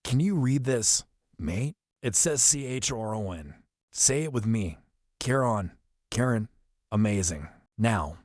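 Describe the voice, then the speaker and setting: A man reading an audiobook, voicing a cold, smooth male ferryman of the dead with a British accent and a foreign edge, sweetly menacing and condescending. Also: on the low side, lively intonation, slow pace, a little mellow, no echo, studio quality. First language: not English.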